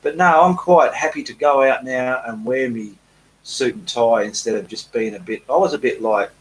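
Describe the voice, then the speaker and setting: A man's voice: medium pitch, normal speed, poor audio. Chatty Australian man hosting a live Q&A. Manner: chatty, self-deprecating, reads comments aloud. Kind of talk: casual live-stream chat, reading viewer comments.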